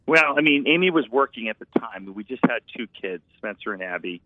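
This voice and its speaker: A man's voice: medium pitch, lively intonation, brisk, dry recording. A man, a painter and former architect, telling his story in an earnest, rambling way over a tinny, phone-like sound. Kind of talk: reflective storytelling.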